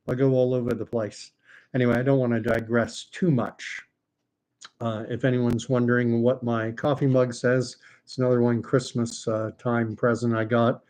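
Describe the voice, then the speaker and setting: Canadian male channel host, mid-pitched, chatty and digressive, casual live-stream delivery. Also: a little mellow. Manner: rambling, chatty, many fillers and asides. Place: home, talking to his dog.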